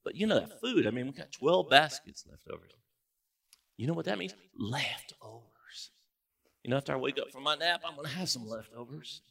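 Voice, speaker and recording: Man putting on rattled fishermen in a storm, chatty then yelling, swinging pitch, heard from afar. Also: expressive, moderate pace, creaky. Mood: relaxed chatter. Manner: chatty, then frantic and shouting. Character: jittery fishermen disciples, adult men, easily rattled. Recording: voice from a distance.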